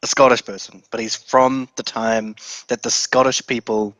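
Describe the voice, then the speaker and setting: A man's voice: mid-range voice, level tone, moderate pace, fairly bright tone, no echo, poor audio. A man co-hosting a casual podcast chat, laid-back, with frequent affirmations and laughs. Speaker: podcast co-host.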